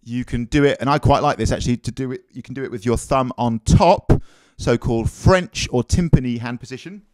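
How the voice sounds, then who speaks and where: Drum teacher, male, mid-pitched, coaching tone, counts beats aloud. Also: fairly quick, a little mellow, no echo. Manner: counts beats aloud while explaining technique. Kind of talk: instructional demonstration.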